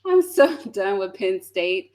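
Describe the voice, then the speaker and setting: Woman reacting to a clip, blunt n sassy, cusses a lot, medium pitch voice. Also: sing-song, slow, darkish tone, slight background noise. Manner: blunt, sassy, swears and laughs often. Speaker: video commentator. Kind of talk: casual reaction commentary.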